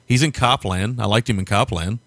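Man, low voice, quick chatty delivery, dry close sound, film podcast co-host. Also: fairly bright tone, no echo. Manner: quick, chatty, laughs often. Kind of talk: casual film discussion.

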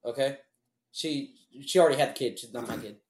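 A man's voice: medium pitch, a little fast. Profane man, echoey room. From Houston, Texas. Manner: profane, blunt, rambling. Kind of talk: casual storytelling.

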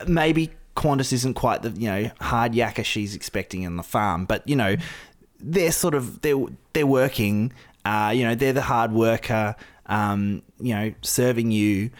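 A woman's voice: a bass voice, unhurried. Aussie woman cohosting a podcast, chatty, laughs a lot, trails off mid sentence. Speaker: podcast co-host. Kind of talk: casual chat.

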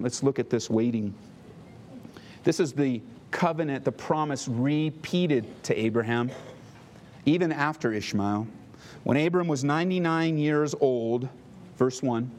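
A man's voice: mid-range voice, lively intonation, moderate pace, long pauses, a little mellow. A male pastor giving a conversational sermon, often asking the congregation questions. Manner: conversational, asks the listeners questions.

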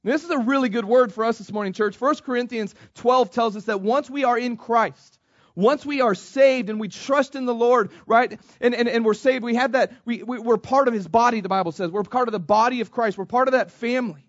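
High-voiced preacher, dull dry sound. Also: male voice, a little fast, dry recording. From United States. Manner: repeats himself, addresses the congregation as "church". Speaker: pastor. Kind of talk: sermon.

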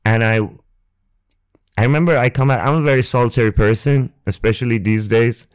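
A young man hosting a podcast, telling a personal story on a close microphone in a halting, rambling way, with restarts and swearing. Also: medium pitch, fairly even intonation, smooth. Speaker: podcast host. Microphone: close ASMR microphone.

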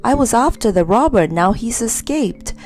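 A woman's voice: medium pitch, big pitch swings, moderate pace, vocal fry, darkish tone, soft background music. A woman voicing a pompous, meddling grown man who is touchy and haughty in a storybook reading. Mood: indignant. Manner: indignant, haughty outbursts. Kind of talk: storybook character voice.

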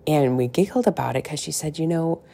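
Woman, middle-aged, weight loss coach, frank and profane, dark mellow tone, low voice. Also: animated, a little fast, creaky, slightly rough. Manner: frank and salty, swears freely, chatty asides. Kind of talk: casual podcast monologue.

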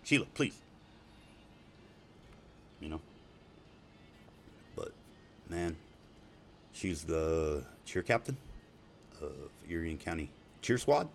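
A man's voice: deep voice, big pitch swings, takes it slowly, vocal fry, long pauses, a little hiss or hum. A middle-aged man rambling in a profane, emotional personal video message to his family, laughing and tearing up. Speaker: father speaking to family.

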